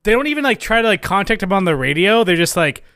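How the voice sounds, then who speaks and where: A man's voice: high-pitched, sing-song, fast talker, sharp tone, clean tone, no room sound, clean studio sound. A man co-hosting a podcast, casually chatting about a film and acting out bits of its dialogue. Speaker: podcast co-host. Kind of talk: casual movie-discussion chat.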